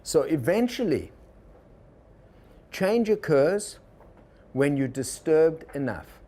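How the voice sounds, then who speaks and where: A man teaching a workshop to a live group, relaxed and digressive, often turning to the audience with questions. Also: a little high, slow pace. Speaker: organizational consultant teaching a workshop.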